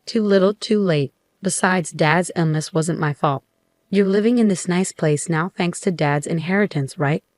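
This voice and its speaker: A woman's voice: fairly low pitch, normal speed, darkish tone, no echo, studio quality, natural voice. A woman voicing an entitled, dismissive adult sister who makes scornful demands.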